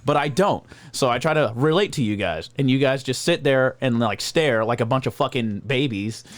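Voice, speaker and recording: A man appearing as a guest on a casual podcast, talking in a profane, joking, animated way. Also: medium pitch, normal speed. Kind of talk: casual chat.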